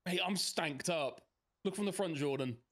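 A man's voice: normal speed, fairly bright tone. A man co-playing a game on stream, joking around in casual banter. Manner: playful, jokey, with big swoops of pitch. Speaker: streaming co-player. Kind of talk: casual gaming chat.

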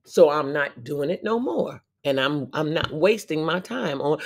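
A woman hosting a casual inspirational livestream talk. She is sassy and preachy and laughs often between phrases. Her delivery drifts from hushed, reflective lines to loud, emphatic outbursts. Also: low voice, expressive, unhurried, few pauses, lo-fi sound. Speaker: livestream host.

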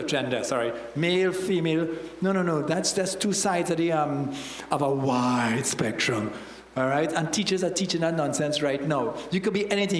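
A man's voice: a little high, reverberant, in a large hall, a little hiss or hum, poor audio. A man with a Trinidadian accent, a church elder preaching a sermon in a conversational way, often checking in with "all right?".

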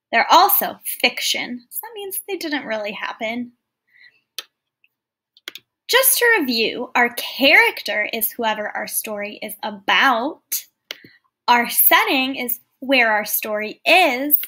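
Teacher lady reading a story to kids, high bright voice, stops to explain stuff. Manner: clear, explaining, often asks listeners questions. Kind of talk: read-aloud lesson for children.

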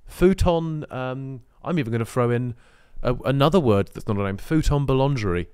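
एक ब्रिटिश लहजे वाला आदमी, पॉडकास्ट का सह-होस्ट, जो आराम से, हँसी-मज़ाक में अपने साथी को चिढ़ाता है।. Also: male voice, mid-range voice, animated, moderate pace, a little mellow, clean tone, no echo, clean studio sound. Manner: teasing, laid-back, amused. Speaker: podcast co-host. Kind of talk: casual chat.

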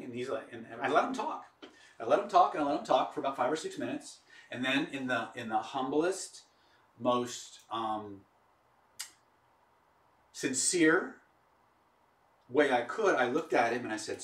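A man giving a persuasion webinar, telling a story with lively emphasis, frequent restarts and "okay?" check-ins. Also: medium pitch, moderate pace, long pauses. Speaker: webinar presenter. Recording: roomy echo, distant mic.

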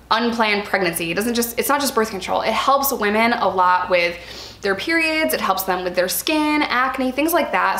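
In an echoey room, a young woman with a medium-pitched, slightly bright voice speaks candidly in a vlog about her own experience. She is earnest and emphatic, repeating words for stress.

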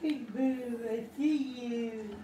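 A woman's voice: fairly high pitch, very slow, lo-fi sound. A woman talking in a teasing, playful way from off to the side of the mic. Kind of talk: casual off-mic banter. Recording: distant, roomy and noisy.

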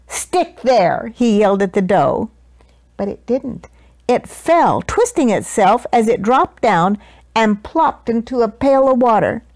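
A woman reading a children's picture book aloud with expressive storytelling. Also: on the high side, no room sound.

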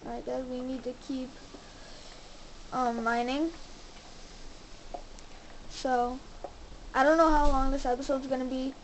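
Young woman gamer, high voice, excitable commentary, faint game noise behind. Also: unhurried, pauses often, poor audio. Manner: excitable, exclaims and talks to viewers. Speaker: gaming channel host.

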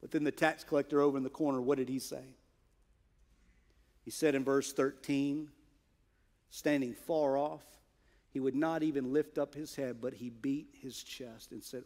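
A male pastor preaching a sermon in church, earnest, moving from hushed asides to emphatic, stressed points. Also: mid-range voice, fairly even intonation, normal speed, long pauses.

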